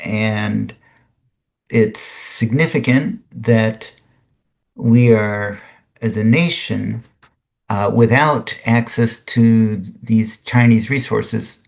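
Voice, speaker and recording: A man hosting his own podcast, giving casual commentary on current articles in a halting, musing way. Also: lowish voice, fairly even intonation, vocal fry. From United States. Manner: musing, halting, with frequent restarts. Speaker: podcast host.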